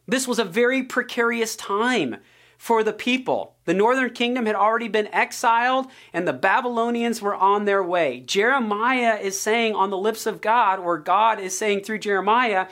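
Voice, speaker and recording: A woman teaching the Bible on a podcast, earnest and steady, slowing down to stress key points. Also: mid-range voice.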